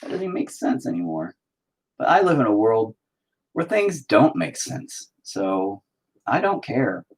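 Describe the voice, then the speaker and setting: Husky swearing man painting on stream. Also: on the low side, sing-song, a little slow. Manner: swears constantly, self-critical rambling; talks to himself while working. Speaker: painter streaming his work. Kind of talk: casual live painting commentary.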